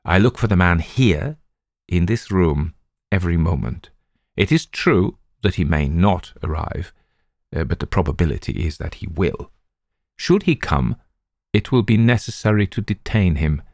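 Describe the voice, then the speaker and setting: A methodical, unhurried detective, read by a man with a low, deep voice, laying out his deductions step by step. The sound is dry and close, with no room around it. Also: animated, a little mellow, dry recording. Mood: calm. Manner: measured, deliberate reasoning. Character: calm, methodical male detective reasoning aloud. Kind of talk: audiobook reading.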